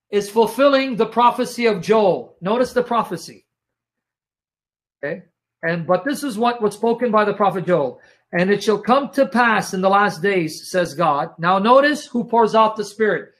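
High-pitched emphatic male Bible teacher. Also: fairly bright tone. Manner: emphatic, repeats "watch" and asks the audience if they follow. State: coughing, strained throat. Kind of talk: sermon-style Bible study.

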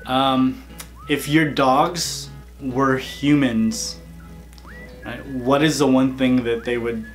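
A man's voice: medium pitch, fairly even intonation, slow pace, soft background music. A man hosting a casual YouTube interview, playful and laughing often. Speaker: YouTuber host.

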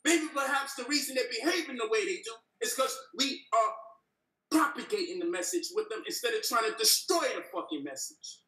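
Heated debater, male, bright forceful voice, far from mic in an echoey room, swears a lot. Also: extremely high pitch, very animated, a little fast. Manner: passionate, profane, preachy. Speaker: debate guest.

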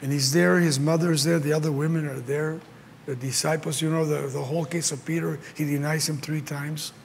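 Gravelly older pastor with a Mexican accent. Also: male voice, on the high side, steady tone, brisk, a little hiss or hum. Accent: Mexican Spanish. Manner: impassioned storytelling, acts out quotes. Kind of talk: sermon. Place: large conference hall. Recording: long hall reverb, faint ambience.

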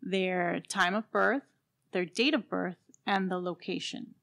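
A woman's voice: fairly low pitch, steady tone, vocal fry, a bit bright. A woman astrologer guesting on a podcast, explaining things hesitantly. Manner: slow, hesitant. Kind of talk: casual interview.

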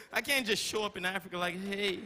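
A man from Canada doing a stand-up comedy set, with a loud, profane, punchy delivery. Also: high-pitched, brisk. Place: large comedy stage with live audience. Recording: loud crowd and room noise.

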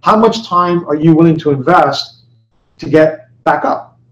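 A man's voice: a little high, a little slow. A man, a company executive, presenting a webinar in a conversational way, with many fillers, restarts and rhetorical questions. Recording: roomy, distant, dull webinar audio.

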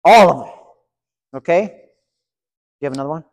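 Man presenting at a conference, lively and chatty, slightly high voice, long hall reverb. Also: moderate pace. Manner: energetic, chatty, engages audience. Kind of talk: live conference session. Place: large conference room.

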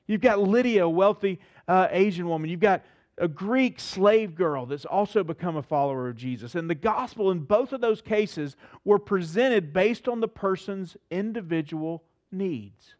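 Lo-fi audio captures a pastor whose voice sits high as he delivers an emphatic, animated sermon. He lifts his voice to stress ideas and slows over important phrases.

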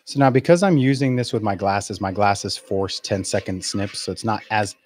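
A man's voice: on the low side, normal speed, a little mellow. Blunt, profane man in his forties. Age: 40s. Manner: blunt, profane, laughing rant. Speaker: real estate coach. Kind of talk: live video webinar.

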